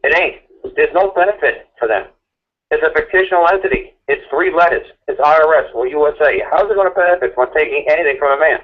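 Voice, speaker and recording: A man ranting and arguing in a repetitive, mocking way as a guest on a call-in talk show. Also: on the high side. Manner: rapid, repetitive, mocking, argumentative. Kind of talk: impassioned ranting chat. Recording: tinny phone line.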